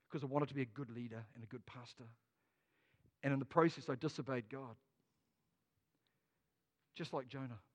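A man's voice: sits high, big-room sound. A man with a New Zealand accent preaching a sermon as a pastor, telling stories with jokes. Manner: storytelling, jokey, lively.

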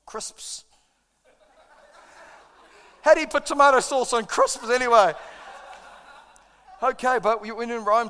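A male pastor delivers a sermon as an animated storyteller, acting out his own part in the stories. His voice sits very high for a man. The sound carries the long reverb of a church hall.

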